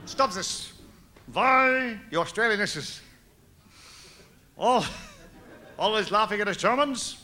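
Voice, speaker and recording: Man putting on a barking fake German dictator, high voice, very lively, noisy live recording. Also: slow pace, pauses often, heavily acted. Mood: mock-stern. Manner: thick mock German accent, barking and comic. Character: pompous blustering German dictator, man, mock-heroic. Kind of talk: stand-up sketch impression.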